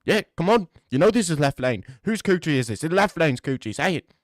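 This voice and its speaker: A man's voice: on the high side, sing-song, fairly quick, no echo, clean studio sound, pitched above the performer's own voice. A man doing a cocky British lad. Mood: cocky, pushy. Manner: pushy, needy, keeps saying come on. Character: cocky young British man, crude and pushy.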